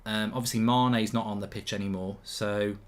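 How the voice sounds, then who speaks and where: A man's voice: fairly low pitch, steady tone, moderate pace. A man hosting a live football watchalong, chatting casually, reading viewer comments aloud and often repeating himself.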